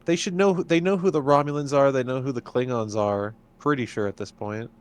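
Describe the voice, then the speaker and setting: A man's voice: mid-range voice, brisk, smooth. A man co-hosting a podcast, chatting casually and adding wry asides to an episode recap. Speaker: podcast co-host.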